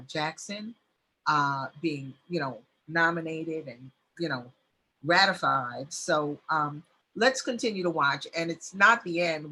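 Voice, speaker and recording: Bright, husky-voiced woman hosting a community news interview. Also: deep voice. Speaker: host.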